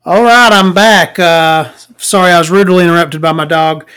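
A man with a somewhat high voice hosts a casual solo podcast. He sounds tired, rambles from one thought to the next, and keeps cracking jokes between his ums and uhs. He talks into a desk microphone in a small dark room at home. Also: fairly even intonation, normal speed, clean tone. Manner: rambling and joking, with many fillers. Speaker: podcast host.

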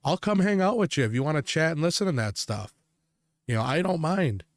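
A man's voice: fairly high pitch, sing-song, fairly quick, no echo, clean studio sound. A young man co-hosting a podcast, in casual chat, joking, laughing often and swearing freely. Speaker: podcast co-host.

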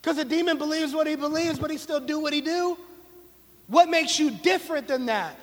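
A man with a notably high voice gives a relaxed, conversational sermon. He mixes slang and playful sarcastic asides into his preaching. His voice trails off in a long reverb. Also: normal speed.

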